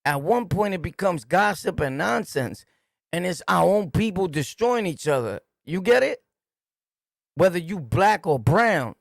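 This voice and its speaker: A man's voice: high voice, big pitch swings, a little slow, gravelly, no echo, studio quality. A man with a New York accent hosting a casual commentary stream, talking in a streetwise, repetitive, emphatic way. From New York City. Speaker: host. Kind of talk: casual commentary to a livestream chat.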